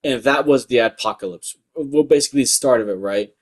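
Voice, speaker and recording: A man's voice: mid-range voice, a little fast. A young man with a light voice, ranting profanely in a rambling commentary full of filler words. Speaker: YouTube commentator.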